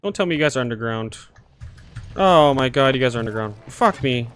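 A man giving live gameplay commentary as a streamer, excitable, swearing a lot and yelling at enemies. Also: medium pitch, brisk, slight background noise. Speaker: gaming streamer.

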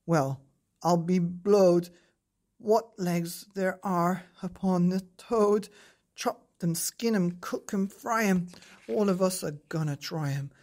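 A storyteller voicing a mob of greedy French townsmen, shouting excitedly about cooking their catch. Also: medium pitch, moderate pace.

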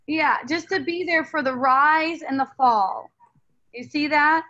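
High bright woman, earnest and rambling. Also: measured pace, lo-fi sound. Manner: earnest, rambling, with frequent restarts and fillers. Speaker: spiritual teacher. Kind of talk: casual spiritual dialogue.

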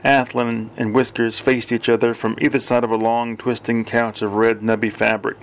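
A man reading an audiobook in dry, even scripted narration. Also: medium pitch, normal speed.

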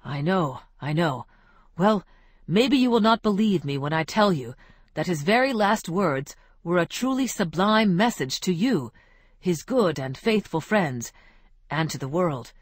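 A humble male cafe owner, as a woman reads him, talks in a solemn, reverent way. The voice is a little low and sounds dry and close, with no room around it. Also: expressive, a little slow, slightly rough, no echo.

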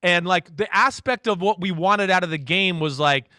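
A man who is a football analyst, a guest in a casual interview, telling stories in an animated way and acting out what others said. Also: sits high, normal speed, no echo, clean studio sound. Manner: animated storyteller, acts out quotes.

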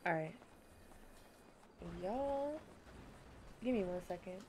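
A woman streamer gives loose, slangy commentary while she plays, laughing often and talking straight to her viewers. She takes her time between words, at a middling pitch. A faint hiss sits under her desk-mic sound. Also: expressive, takes it slowly, a little mellow. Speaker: gaming streamer. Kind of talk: casual game commentary.

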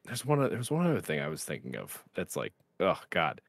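A man's voice: low-pitched, huge pitch swings, brisk, dry recording, studio quality. A man on a film podcast, chatting casually and enthusiastically, swearing and trailing off as he tries to remember things. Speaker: podcast panelist.

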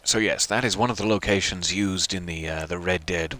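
A man's voice: low-pitched, normal speed, sharp tone. A man giving casual let's-play commentary, rambling with self-deprecating asides. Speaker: gameplay commentator.

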